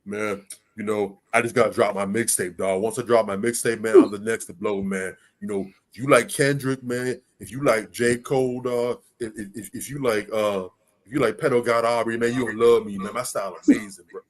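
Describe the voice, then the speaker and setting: A man's voice: fairly low pitch, steady tone, fairly quick, voice pushed down, natural voice. A man voicing a boastful young aspiring rapper who hypes himself in a slangy, drawling way. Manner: slangy, drawling, self-hyping.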